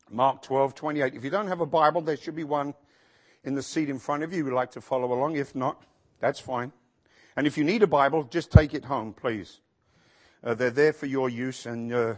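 A male pastor preaching a sermon in a church, acting out quotes with sudden shouts. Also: a little high. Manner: animated, acts out quotes with shouts.

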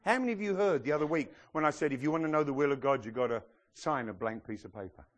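A middle-aged male pastor preaching a sermon in a lively way, acting out Bible figures as he tells their stories. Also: mid-range voice, fast talker.

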